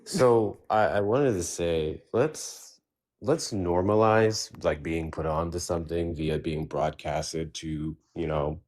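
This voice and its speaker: Very deep-voiced laid-back man. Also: slow pace, a little mellow. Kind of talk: casual panel chat.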